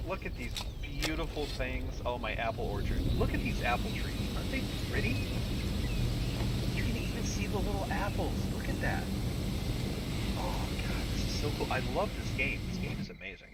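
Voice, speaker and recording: A man doing casual let's-play commentary, talking to himself with sudden shouts and mutters. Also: medium pitch, huge pitch swings, moderate pace, long pauses, very noisy. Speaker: gaming YouTuber.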